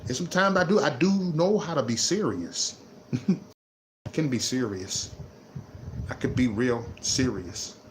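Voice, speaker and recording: A man ranting on his vlog, repeating himself and swinging between low muttering and loud laughing outbursts. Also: lively intonation, a little slow, pauses often, slight background noise. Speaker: vlogger. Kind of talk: unscripted livestream rant.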